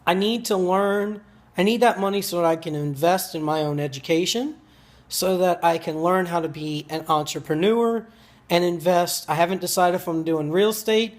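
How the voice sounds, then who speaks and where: A man's voice: sits high, moderate pace. Rambling, blunt man vlogging. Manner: rambling, frank, swears freely. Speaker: entrepreneur vlogger. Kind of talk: casual vlog monologue.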